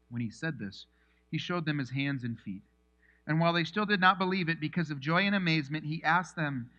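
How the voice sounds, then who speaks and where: A male pastor preaching a sermon, telling the story with animated energy and acting out the scenes. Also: a little high, fairly quick, lo-fi sound.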